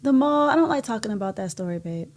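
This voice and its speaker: A woman's voice: a little high, lively intonation, a little mellow. A woman co-hosting a podcast with her husband, chatting casually and backing up his story. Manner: supportive, quick to back up and finish her husband's lines. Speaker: podcast co-host. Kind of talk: casual chat.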